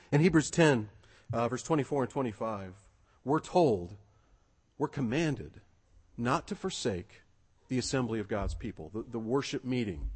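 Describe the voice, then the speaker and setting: Earnest husky-voiced male pastor preaching. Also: mid-range voice, a little mellow. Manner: earnest, exhorting, repeats key phrases. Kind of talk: sermon.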